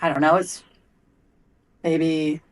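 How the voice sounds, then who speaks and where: A middle-aged woman speaks as a podcast guest, her voice a little lower than most. She tells her story bluntly, animated and full of profanity. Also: takes it slowly. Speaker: guest, athlete and coach. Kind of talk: candid storytelling in a podcast interview.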